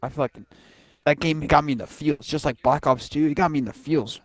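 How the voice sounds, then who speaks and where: A young man hosting a casual podcast, talking excitedly and swearing often, acting out game scenes in quick voices. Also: a little high, no echo. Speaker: podcast host. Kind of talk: casual chat.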